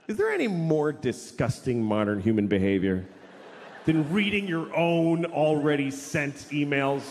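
A man doing stand-up comedy on a large stage, ranting in a profane, exasperated way. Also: fairly high pitch. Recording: long hall reverb, faint noise.

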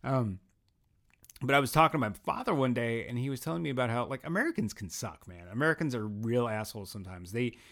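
A man's voice: mid-range voice, expressive, fast talker, fairly bright tone. A young man hosts a podcast in a loose, rambling way. He pokes fun at himself and often starts a sentence over. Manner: rambling, self-deprecating, many restarts. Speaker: podcast host. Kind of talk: casual podcast monologue.

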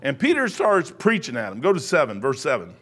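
A man's voice: mid-range voice, huge pitch swings, a little fast, a bit bright, husky. A middle-aged man preaching a sermon, rambling into joking personal asides.

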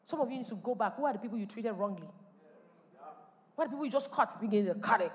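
A woman pastor, preaching a sermon with animated delivery and sudden loud exclamations. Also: fairly high pitch, quick pace, long reverb tail. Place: church hall.

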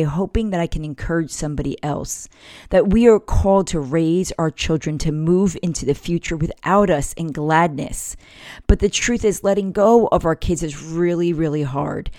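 A woman in her forties hosts a parenting podcast, speaking candidly and warmly through a personal story. Her voice sits low, and the close microphone keeps the sound dry with no room around it. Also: dry recording. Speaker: podcast host. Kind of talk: casual heartfelt monologue.

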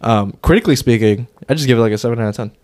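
A man's voice: medium pitch, rapid-fire, a little mellow, dry recording. A man co-hosting a casual movie review podcast, loose and jokey, swearing and stumbling over names. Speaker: podcast co-host.

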